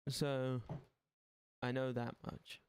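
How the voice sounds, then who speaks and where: A man's voice: mid-range voice, little pitch movement, slow pace, darkish tone, smooth, no echo. A young Irish man chatting casually on his live stream, rambling, swearing freely and making dry, sarcastic asides. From Ireland. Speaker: livestream gaming host.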